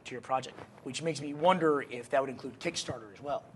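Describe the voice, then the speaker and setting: A man with a mid-range voice explains things in a measured, thinking-aloud way during a casual podcast chat. A faint hiss and some room ambience sit behind his voice. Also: mid-range voice. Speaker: podcast co-host.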